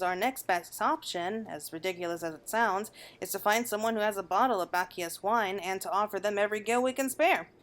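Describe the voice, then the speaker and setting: A woman's voice: medium pitch, fairly bright tone, lightly acted. Woman reading as a refined blind wine connoisseur. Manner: measured, refined. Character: blind retired mercenary, male wine connoisseur, calm.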